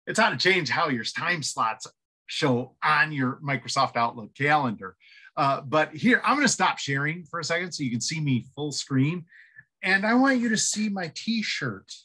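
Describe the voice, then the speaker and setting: A chatty, upbeat middle-aged man walks through a quick software tip in a relaxed tutorial. His voice is bright and a little husky, sitting slightly high for a man. It sounds like a home-office webcam recording. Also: poor audio. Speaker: productivity trainer. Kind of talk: casual tutorial talk.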